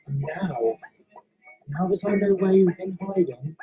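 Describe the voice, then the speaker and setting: A woman voicing a grim, calm male ghost engine who speaks slowly in a low, solemn tone. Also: phone-quality sound, a crowd in the background.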